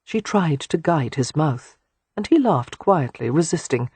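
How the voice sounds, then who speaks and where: An audiobook narrator reading a romance novel in a soft, hushed, unhurried way. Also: mid-range voice, animated, husky, no echo.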